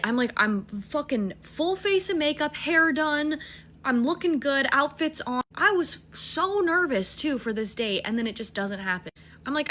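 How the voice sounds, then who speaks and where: A young adult woman telling a casual, animated and profane personal story, mocking herself as she goes. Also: sits high, unhurried. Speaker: storytime TikToker.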